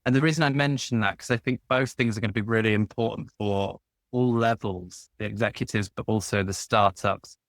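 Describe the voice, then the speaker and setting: A man's voice: fairly low pitch, fairly even intonation, a little fast, no room sound. A man hosting an interview, talking reflectively through his own work experience at length. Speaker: podcast host. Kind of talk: conversational interview.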